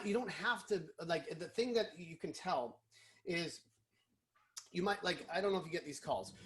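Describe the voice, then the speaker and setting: A man, a guest in a casual interview, explaining sales calls and acting out quick snippets of phone chats. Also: on the high side. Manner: animated, acts out phone calls.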